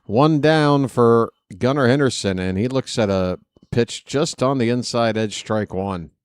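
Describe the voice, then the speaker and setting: Guy doing play-by-play on a fan stream, slow and chatty, dry close sound. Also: mid-range voice, clean tone, no room sound. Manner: chatty, joking, fussy stickler. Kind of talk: live stream play-by-play commentary.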